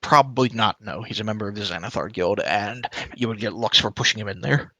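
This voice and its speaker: A man's voice: on the low side, brisk, bright, forceful tone, no room sound. Casual man narrating a tabletop game. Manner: casual, hesitant, with fillers. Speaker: dungeon master.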